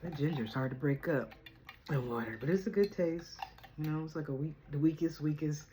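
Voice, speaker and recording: A woman's voice: sits low, fairly quick, background noise. A woman hosting a casual home video chat, playful and chatty, often laughing. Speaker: vlogger host. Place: at home indoors. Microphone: camera.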